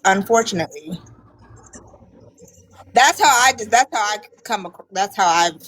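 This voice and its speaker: A woman's voice: mid-range voice, low-quality recording. A woman in casual livestream chat, playful and chatty, laughing as she talks. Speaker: livestream co-host.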